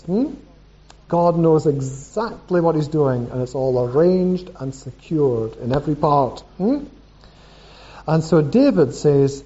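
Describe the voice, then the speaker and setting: A man preaches a sermon, reading scripture aloud and putting questions to the congregation. His fairly high voice is expressive, unhurried, and mellow, heard on a dull lo-fi recording.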